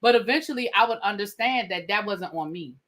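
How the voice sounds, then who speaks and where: A woman's voice: mid-range voice, fairly quick. A woman with a Washington DC accent, telling stories in a casual, slangy chat as a podcast co-host. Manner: animated storytelling, slangy, acts out her own past remarks.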